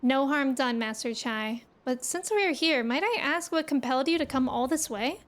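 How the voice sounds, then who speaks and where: A woman's voice: high-pitched, normal speed, close to an everyday voice. A woman reading as a courteous young noble envoy.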